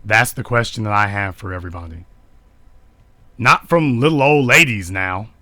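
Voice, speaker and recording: Repeated rhetorical questions drive the indignant, preachy social commentary of this man, an online commentator live-streaming. His voice sits on the low side with a sharp tone, normal speed, and a dry recording.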